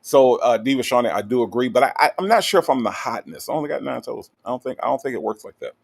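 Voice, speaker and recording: A man runs a relaxed livestream, greeting viewers and reading their comments aloud. He talks in an animated, teasing way, full of fillers, and keeps checking in with a quick "okay?". His voice sits at an ordinary pitch for a man. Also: creaky, slightly rough. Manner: animated, playful, with lots of "okay?" tags and fillers. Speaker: livestream host.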